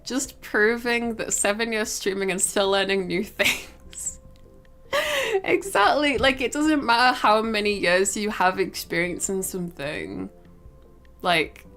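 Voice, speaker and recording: On a live stream, a young woman with a medium-pitched, fairly bright voice chats and rambles casually, giggling often and swearing offhandedly. Game music plays faintly in the background.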